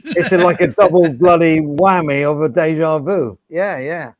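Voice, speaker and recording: A man's voice: a little high, normal speed, dry recording. A man chatting casually on a live stream, rambling and laughing over a few beers, with the hiccups. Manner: rambling, laughing, swearing, drinking beer.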